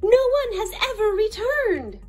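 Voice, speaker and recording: A woman's voice: very high-pitched, very animated, normal speed, soft background music, pitched above the performer's own voice. A woman voicing fearful, warning crabs. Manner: anxious and warning. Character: cautious fearful crowd of crabs.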